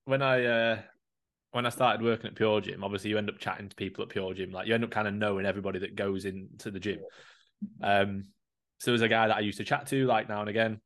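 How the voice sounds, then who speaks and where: A man's voice: on the low side, flat delivery, quick pace, a bit bright. A young man telling stories in a casual chat. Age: young adult. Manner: chatty, storytelling with swearing and laughs.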